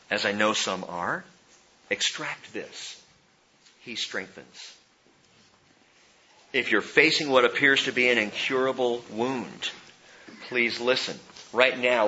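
A man in his forties, a pastor preaching a sermon, who shifts from hushed, slow emphasis to loud, high-pitched exhortation. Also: muffled recording, a little hiss or hum. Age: 40s.

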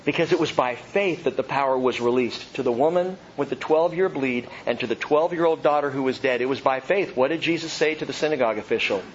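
A man's voice: mid-range voice, a little fast, hardly any pauses. A man in his thirties, a pastor preaching an expository sermon, reading scripture aloud and then explaining it. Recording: dull lo-fi sound with faint noise.

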